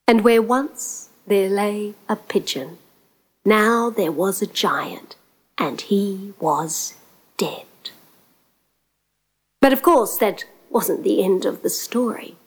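A woman's voice: medium pitch, animated, slow, slightly rough, low-quality recording. A woman telling a folk tale aloud, dramatic and rhythmic, dropping into whispers at tense moments, with guitar music behind. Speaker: storyteller. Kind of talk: oral storytelling.

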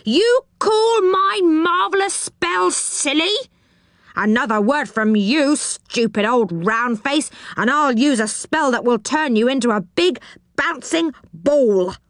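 A touchy goblin shopkeeper brags about his spells, as a woman reads him aloud. He talks slowly and grandly, haughty and quick to take offence. The sound is dry and close. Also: fairly high pitch, expressive, no room sound, pitched above the performer's own voice. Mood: furious. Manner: haughty salesman, quick to rage. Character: grumpy boastful male goblin shopkeeper, blue-eared. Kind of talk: storybook reading.

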